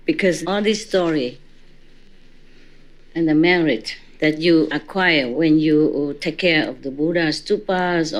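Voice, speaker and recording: A woman spiritual teacher giving an informal dharma talk to a gathering, chatty and teasing, laughing often. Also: low voice.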